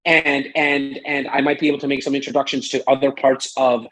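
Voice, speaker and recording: Husky guy rambling on in a casual interview, lots of likes and you knows, mid-pitched voice. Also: fairly quick, poor audio. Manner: rambling, animated, many fillers. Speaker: real estate broker and sales strategist. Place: Toronto, Canada.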